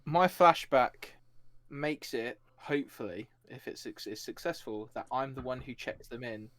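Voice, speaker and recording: A man's voice: mid-range voice, dry recording. A man playing a tabletop game, explaining his plan in a rambling, hesitant way. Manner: rambling, hesitant, self-correcting. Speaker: player. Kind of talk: casual tabletop role-play chat.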